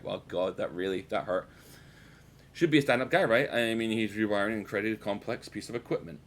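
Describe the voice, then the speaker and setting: Low-voiced British man streaming a game. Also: fast talker. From United Kingdom. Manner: rambling, joking, swears freely, chats to viewers. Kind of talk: casual gameplay commentary.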